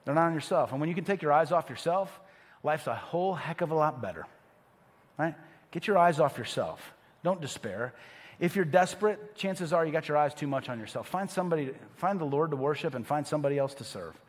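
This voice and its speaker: A man's voice: fairly high pitch, expressive, a little fast, long reverb tail. A male pastor preaching a sermon in a conversational, emphatic way, asking the congregation rhetorical questions.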